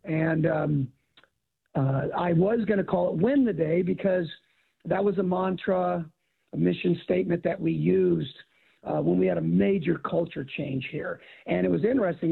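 Middle-aged male ex-coach, raspy and high-pitched, animated storyteller; phone-quality audio. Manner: animated storyteller acting out quotes. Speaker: guest, author and former football coach. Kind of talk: casual storytelling conversation.

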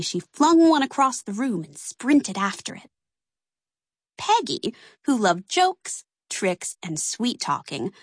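Animated husky woman storyteller. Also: medium pitch, no room sound, studio quality. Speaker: narrator. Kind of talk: scripted storybook narration.

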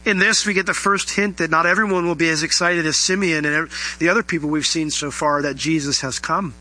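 A man's voice: on the high side, steady tone, a little fast, bright, forceful tone, poor audio. A male pastor giving a conversational sermon, acting out little bits of dialogue as he explains scripture.

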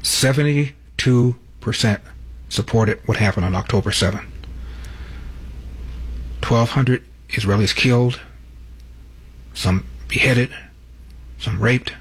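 A male host of a political commentary show, delivering his points with pointed emphasis as he sets up clips. His voice is husky. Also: mid-range voice.

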